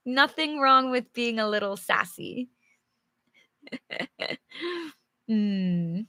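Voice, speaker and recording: A woman's voice: a little high, lively intonation, drawn-out words, long pauses, bright, forceful tone, dry recording. A young adult woman teaching English on a live stream, reading a storybook and chatting patiently with viewers while explaining words simply. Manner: chatty, answers viewers' comments.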